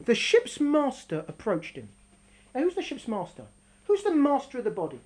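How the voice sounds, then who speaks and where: A woman gives an animated religious talk and acts out the characters as she tells the story. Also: sits high, normal speed, rough recording. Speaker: religious teacher.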